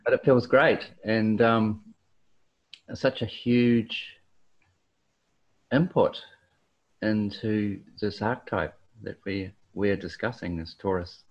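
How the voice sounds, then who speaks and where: A man from New Zealand speaking on a panel over a video call, explaining ideas thoughtfully with many pauses and ums. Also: fairly low pitch, fairly even intonation. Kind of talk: slow reflective explanation. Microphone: video call mic. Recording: dull lo-fi video call audio.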